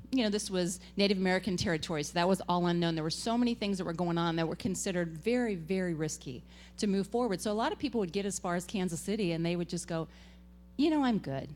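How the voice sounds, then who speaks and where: A woman giving a tribute speech at a gathering, telling animated stories and laughing often. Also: on the low side, fast, a little hiss or hum. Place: event gathering.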